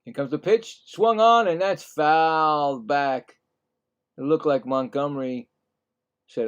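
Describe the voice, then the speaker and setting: A man calling live baseball play-by-play in a slightly higher register. He chats casually between pitches and gets louder and more excited when the action picks up. Now and then he voices the players' thoughts in quick asides. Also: clear, resonant tone, muffled recording. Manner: excitable, jumps louder on big plays, chatty asides. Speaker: play-by-play commentator.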